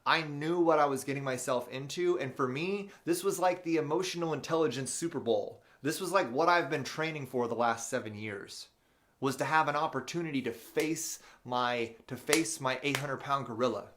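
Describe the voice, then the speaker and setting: A man hosting a live motivational show, telling a personal story in an animated, unscripted way with many fillers and restarts, and reading viewer questions aloud. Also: medium pitch, moderate pace.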